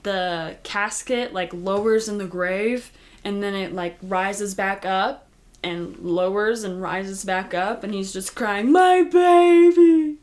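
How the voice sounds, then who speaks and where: A woman's voice: medium pitch, steady tone, slow pace, over music. A woman giving a casual, chatty recap of a TV episode, with lots of "like" and "you know". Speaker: recap host.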